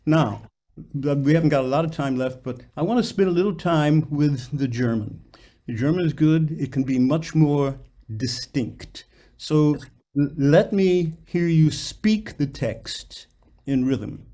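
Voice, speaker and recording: An older man teaching a voice masterclass, patiently coaching a singer on diction and demonstrating words slowly. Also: dark tone. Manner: patient, demonstrates phrases by singing them in falsetto-high lines; precise about diction, models words slowly.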